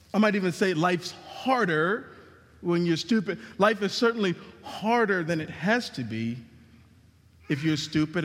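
High-voiced preaching man in reverberant hall. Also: a bit bright. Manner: emphatic preaching with dramatic drops and rises in pitch. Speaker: pastor. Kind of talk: sermon.

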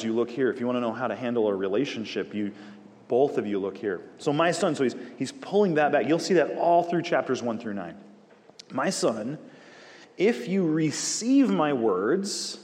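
A man's voice: mid-range voice, brisk. Man teaching scripture in a reverberant hall. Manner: conversational, animated, jokey asides. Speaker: pastor or Bible teacher. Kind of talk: Bible study teaching with prayer.

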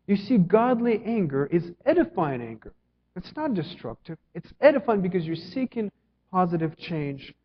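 A slightly high-voiced man preaching a sermon with earnest conviction. He presses some lines hard and lets others fall quiet. The sound is a little dull and rings with the long reverb of a church hall. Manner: earnest preaching, swings between emphatic and hushed. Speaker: pastor. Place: church sanctuary.

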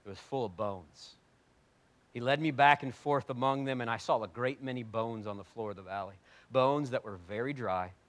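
A man preaching a sermon, animated and jokey, swinging between loud bursts and quiet asides. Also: medium pitch, moderate pace. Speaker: pastor.

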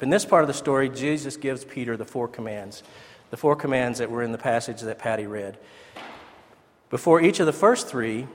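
A man giving a conversational, earnest ordination sermon as pastor in a church. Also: medium pitch. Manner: conversational, earnest, with asides and restarts. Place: church sanctuary. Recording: church sanctuary with long reverb.

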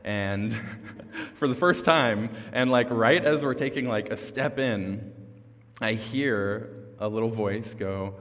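A man's voice: medium pitch, a little slow, a bit bright. A young man giving a casual youth sermon as a youth pastor, chatty and self-deprecating, chuckling between thoughts. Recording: long reverb of a large hall.

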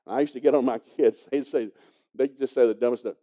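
A man's voice: mid-range voice, fast talker, warm tone. An older man preaching a sermon in a folksy, emphatic and humorous storytelling manner.

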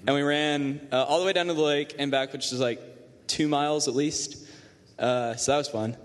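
Teen boy, slightly high voice, easygoing storyteller, long hall reverb. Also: fairly even intonation, normal speed. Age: teens. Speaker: student telling a story. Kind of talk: casual storytelling to a group.

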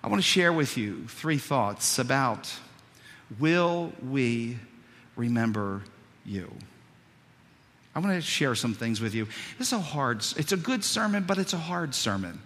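Preacher in a reverberant church. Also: male voice, mid-range voice, lively intonation, unhurried. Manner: storytelling, repeats words, swings between loud and hushed. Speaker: pastor. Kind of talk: sermon. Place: church sanctuary. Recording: long reverb of a church hall.

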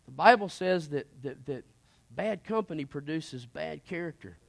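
A man preaches his own testimony with a slightly high voice. He is earnest and impassioned, sliding from hushed confession to emphatic urgency. The sound is dry and close, with no room echo. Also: lively intonation, normal speed, creaky. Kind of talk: personal testimony sermon.

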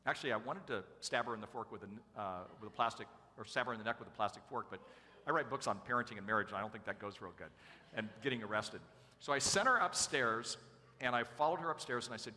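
A middle-aged man preaching, his bright, forward voice ringing out in a large church hall with a long reverb tail. He tells stories casually and pokes fun at himself. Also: medium pitch, lively intonation, fast talker. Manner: self-deprecating, conversational storyteller. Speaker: pastor. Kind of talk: sermon with personal storytelling.

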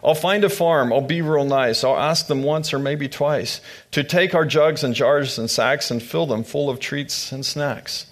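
A man's voice: a little high, unhurried, few pauses, pitched above the performer's own voice, close to an everyday voice. A man voicing a devoted young widow in a rhyming storybook, promising to stay and provide. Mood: cheerful.

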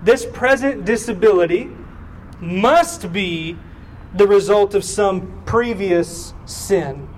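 A man's voice: high voice, slow. A man in his thirties, a pastor preaching a sermon and telling a family story, acting out the voices in it. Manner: animated, acts out voices in his stories. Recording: distant mic with faint room noise.

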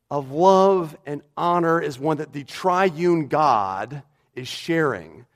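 A man's voice: a little high, expressive, unhurried, gravelly. A pastor preaching a sermon in a church, emphatic and repeating his key phrases for weight.

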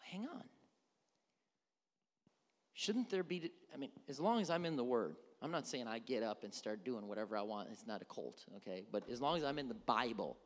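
A male pastor preaching a conversational sermon, asking his congregation questions. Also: mid-range voice. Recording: reverberant hall.

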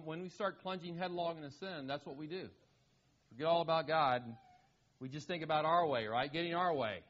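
Earnest man preaching, slightly high voice. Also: a bit bright. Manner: earnest, asks rhetorical questions, repeats words. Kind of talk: sermon. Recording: dull lo-fi sound.

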